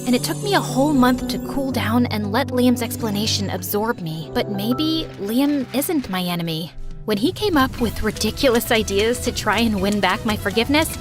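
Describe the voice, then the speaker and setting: A woman narrating a first-person animated story in a wry, reflective way. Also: on the high side, normal speed, loud music behind the voice.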